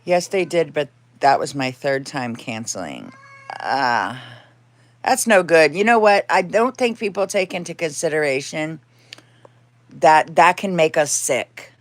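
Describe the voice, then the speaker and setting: A woman's voice: low-pitched, sing-song, measured pace, dry recording. A woman hosting a casual live chat from home, rambling and laughing often, now and then cooing baby talk at her cat. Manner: rambling, chatty, frequent laughs. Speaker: livestream host.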